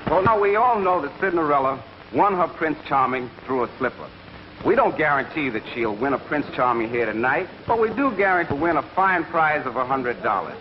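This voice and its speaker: A man playing a show announcer, with smooth showman patter from a 1940s film. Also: a little high, animated, a little fast, natural voice. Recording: dull hissy 1940s film sound.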